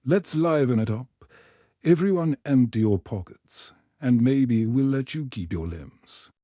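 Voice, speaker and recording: A towering cyborg gang leader growls out his threats, as a man reads him. The voice is dark and mellow, with a menacing edge, in a storybook sci-fi telling. It sounds dry and close to the mic. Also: medium pitch, expressive, unhurried, dry recording.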